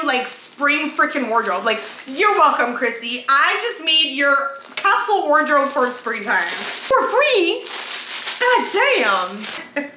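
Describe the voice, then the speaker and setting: High, bright excitable woman vlogger. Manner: excitable and chatty, swears casually, talks to viewers. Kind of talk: casual haul vlog chat. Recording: echoey room with faint background noise.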